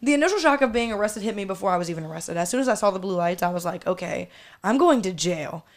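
A young woman co-hosting a podcast, loud, brash and playful as she tells stories. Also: mid-range voice, rapid-fire. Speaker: podcast co-host. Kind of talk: casual storytelling chat.

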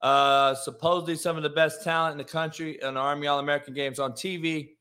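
A man's voice: fairly high pitch, level tone, fast talker, sharp tone. A man hosting his own live stream, talking loosely and rambling, then ranting profanely at people in his chat. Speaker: live show host. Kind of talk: casual live-stream talk.

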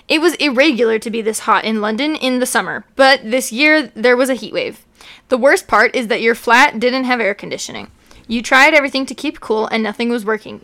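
Young female podcast co-host, a touch high-voiced, reads fanfic aloud, mocks it as she goes. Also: pushed and bright. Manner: reads with mocking asides, often laughing.

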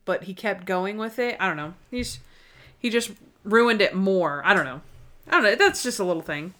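Reviewing a TV episode on a podcast, this young co-host chats casually and with enthusiasm, acting out scenes in quotes. She speaks at a medium pitch, expressive and a bit bright, at a moderate pace.

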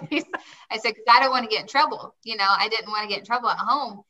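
A woman's voice: on the high side, quick pace, pushed and bright, distant mic, rough recording. A woman guest telling her life story in a chatty way, often quoting herself and saying "like". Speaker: interview guest. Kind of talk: personal storytelling.

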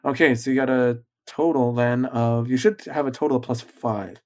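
A man narrating as game master, relaxed, with a lot of filler words. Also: medium pitch, moderate pace.

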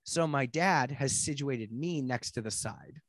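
A man's voice: mid-range voice, a little slow, no room sound, clean studio sound. A man in his thirties, co-hosting a podcast in casual chat, telling a story animatedly, acting out voices and laughing often. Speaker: podcast co-host.

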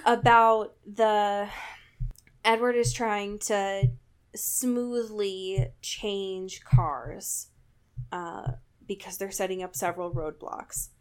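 A woman's voice: mid-range voice, fairly even intonation, very slow, smooth. A woman in casual chat, recapping a book with sarcasm and frequent laughter. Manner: sarcastic, laughs often, reads passages in mock voices. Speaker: podcast co-host.

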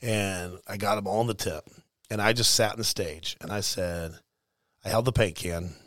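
A pastor with a somewhat low voice talks through an old story in a relaxed chat. He speaks deliberately and leans on his words with dry emphasis. The recording is close and dry. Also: no room sound. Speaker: pastor and mentor.

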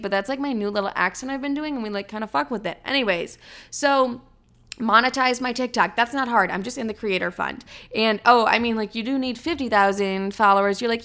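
A woman's voice: fairly high pitch, a little fast, a bit bright. A woman in her early twenties hosting a casual solo podcast, chatty and blunt, swearing freely and filling her talk with "like". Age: 20s. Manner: chatty, blunt and profane, heavy filler "like". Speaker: podcast host.

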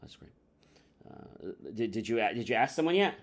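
A man's voice: medium pitch, very animated, moderate pace, close to an everyday voice. A man playing a nosy, eager shoe salesman. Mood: eager prying. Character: pushy prying male shoe salesperson.

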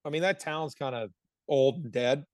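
Animated, laughing hockey player telling stories. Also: male voice, mid-range voice, normal speed, no room sound. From Pittsburgh area, United States. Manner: animated, laughs often, swears freely. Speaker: guest, pro hockey player. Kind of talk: casual podcast storytelling.

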